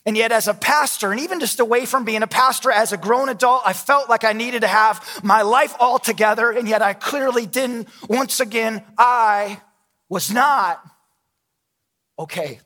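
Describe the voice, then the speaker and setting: A man's voice: very high voice, normal speed, bright, forceful tone, big-room sound. A man in his thirties, a pastor, preaching a sermon with candid, self-deprecating storytelling.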